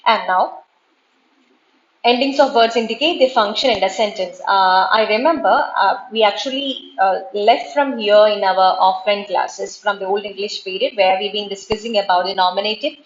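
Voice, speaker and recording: A woman's voice: mid-range voice, normal speed. A woman giving an online class lecture, explaining things over and over and spelling out word endings letter by letter. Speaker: English literature lecturer. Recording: echoey room, dull lo-fi sound.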